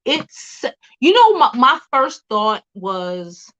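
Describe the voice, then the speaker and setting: A woman's voice: fairly high pitch, big pitch swings, slow pace, fairly bright tone, highs cut off. A woman hosting a casual celebrity news livestream, chatty, laughing often and cursing freely.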